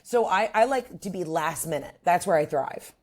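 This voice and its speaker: A woman's voice: lowish voice, animated, normal speed. A woman comedian as a podcast guest, talking in a brash, crude, storytelling way. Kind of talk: casual chat.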